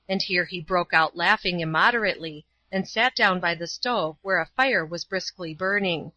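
A woman narrating a story aloud as an audiobook reader, in a steady, even storytelling way. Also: on the low side, moderate pace, hardly any pauses, no echo, poor audio. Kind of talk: scripted narration.

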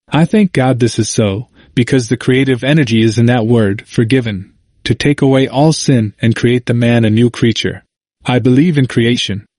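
A man's voice: mid-range voice, darkish tone, no room sound, studio quality. A man reading a sermon aloud, earnest and emphatic, pressing the listener with rhetorical questions. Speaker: sermon reader.

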